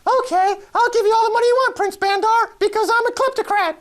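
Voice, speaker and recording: A man doing a shrill mock-British politician. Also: fast, a bit bright. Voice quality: exaggerated high mocking voice.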